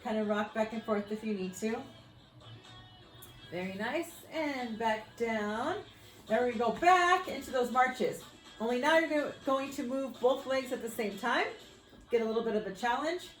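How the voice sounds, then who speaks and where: A woman's voice: a little high, normal speed, reverberant, soft background music, poor audio. A woman fitness coach leading a floor workout, upbeat and whooping as she exercises along, slightly out of breath. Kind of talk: workout instruction.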